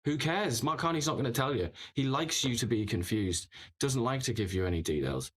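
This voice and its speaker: A man's voice: mid-range voice, expressive, a little fast, fairly bright tone, slightly rough. A man hosting casual political commentary, talking in a sarcastic, mocking way.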